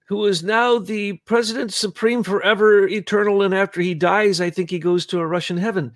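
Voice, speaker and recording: A man hosting a podcast conversation in an animated, jokey way. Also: sits high, fairly quick, few pauses, dry recording, studio quality.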